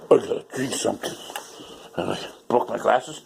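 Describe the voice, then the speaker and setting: Gravelly, foul-mouthed man rambling on camera. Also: lowish voice, normal speed, long pauses, a little hiss or hum. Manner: rambling, repetitive, swears a lot and jokes around. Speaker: vlogger. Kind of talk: casual off-the-cuff vlog.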